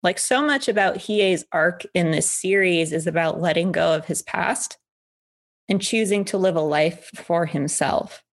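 Playful woman co-host, low voice. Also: measured pace. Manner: playful, teasing asides. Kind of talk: casual anime discussion.

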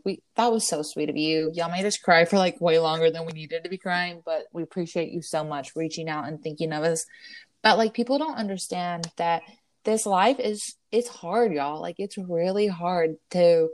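A woman talks through an emotional story in casual podcast chat. Her voice sits a little low, and the recording is dry and close, with no room sound. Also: no echo. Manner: emotional storytelling, Southern "y'all", acts out quotes. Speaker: podcast co-host.

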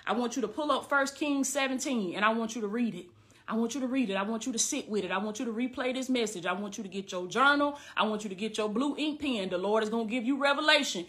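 A woman's voice: high-pitched, bright, forceful tone. A woman preaching fervently, with repeated refrains. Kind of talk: sermon-style online message.

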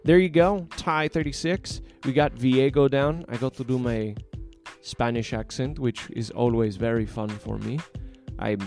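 Male podcast host, storytelling narration, expressive, gravelly, medium pitch. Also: unhurried, soft background music.

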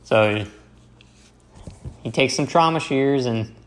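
A young man, a paramedic, casually telling a story in a slow, halting way with many fillers and restarts. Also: mid-range voice.

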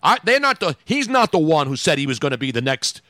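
A man's voice: on the high side, big pitch swings, fast, pushed and bright, dry recording. A male radio host in wisecracking, emphatic morning banter, often talking over his co-host.

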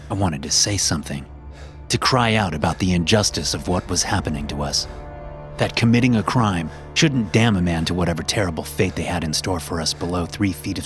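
A man narrating a first-person story in a measured, dramatic way. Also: low-pitched. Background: background music.

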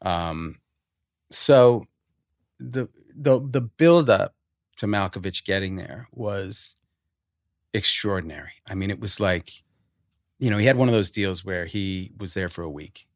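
Animated man telling a story. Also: low-pitched, a little slow, pauses often, no echo, studio quality. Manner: animated storyteller, swears freely. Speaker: guest. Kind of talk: casual chat. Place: podcast studio.

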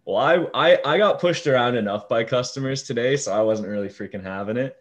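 A young man with a deep voice telling a story in casual talk, swearing freely and acting out what people said. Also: fairly quick. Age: young adult. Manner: animated storyteller, swears freely, acts out quoted lines. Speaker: fast-food shift manager.

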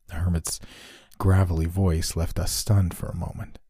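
Deep, mellow-voiced man narrating horror. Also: little pitch movement, moderate pace, breathy edge, dry recording. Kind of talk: scripted horror story narration.

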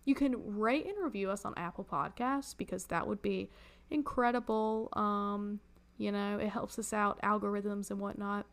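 A woman co-hosting a podcast in casual chat, chatty and quick to laugh. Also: mid-range voice, a bit bright. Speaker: podcast co-host.

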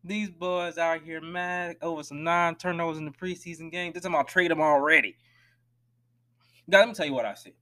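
A man hosting a solo sports podcast, talking emphatically and swinging between loud outbursts and hushed asides. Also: on the high side, fairly even intonation, brisk. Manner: direct, addresses listeners as y'all. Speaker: podcast host.

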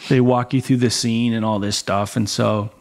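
Profane, animated male podcast guest. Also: medium pitch, normal speed. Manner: profane, animated, acts out the voices in his stories. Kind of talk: casual podcast storytelling.

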